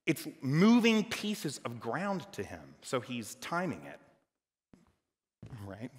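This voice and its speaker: A man preaching a sermon as pastor, dynamic, moving between loud emphatic lines and quiet, hushed ones. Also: medium pitch, wildly swooping pitch, slow, pauses often. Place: church hall. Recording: church hall with long reverb.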